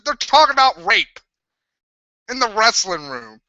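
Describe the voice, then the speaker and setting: Loud crude young man ranting sarcastically. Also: extremely high pitch, very animated, a little slow, vocal fry, dry recording. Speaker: wrestling show reviewer. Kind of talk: profane live review rant. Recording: dull lo-fi sound.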